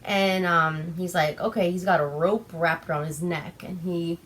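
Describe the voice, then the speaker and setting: A woman's voice: lowish voice, fairly even intonation, moderate pace, fairly bright tone. A young woman from Alaska hosting a casual movie recap, chatty and giggly with lots of fillers, a little tipsy on wine. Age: young adult. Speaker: vlog host.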